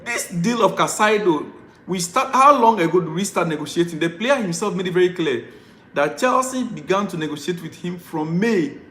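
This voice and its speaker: Male fan vlogger, high-pitched, ranting live and pleading over and over, recorded in an echoey room. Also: animated, normal speed, a bit bright. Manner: exasperated, repetitive pleading. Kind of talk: live-stream rant.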